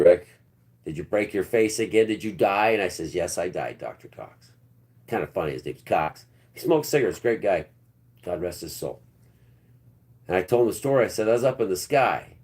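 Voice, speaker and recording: Deep-voiced man rambling through a story. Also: darkish tone. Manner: rambling, wandering, blunt and earthy. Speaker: live stream host.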